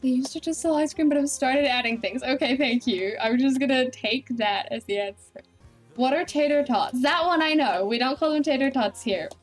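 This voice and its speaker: An Australian-accented woman streams while gaming and chats in a rambling, animated way. Her voice sits a little high. Soft music plays under her talk. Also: moderate pace. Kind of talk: casual chat while gaming.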